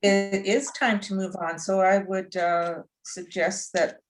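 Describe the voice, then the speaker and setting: A woman's voice: mid-range voice, level tone, takes it slowly, soft background music. A woman chairing a town council meeting over a video call, polite and a little hesitant.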